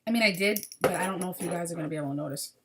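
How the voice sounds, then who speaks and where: A woman's voice: lowish voice, racing, heavy background noise. A woman hosting a crochet video podcast, chatting casually and apologetically about her projects, sounding tired.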